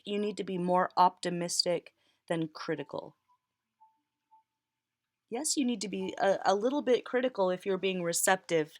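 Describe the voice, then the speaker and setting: A woman's voice: mid-range voice, dry recording. A woman reads tarot for her viewers in a tearful, heartfelt voice, reassuring them through her emotion. Her voice sits in a mid range, and the recording is close and dry with no room sound. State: crying. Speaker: tarot reader.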